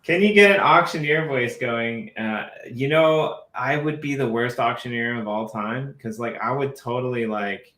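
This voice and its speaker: A man with a bright, forceful voice talks casually on a live stream, rambling, stumbling over repeated words and breaking into laughs. The sound is roomy, with echo around him. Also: medium pitch, normal speed, few pauses. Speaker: co-host. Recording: echoey room.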